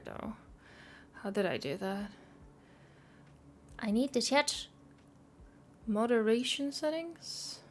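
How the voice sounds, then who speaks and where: A woman's voice: a little high, fairly bright tone. A woman streaming live, chatting casually and self-consciously while reading chat.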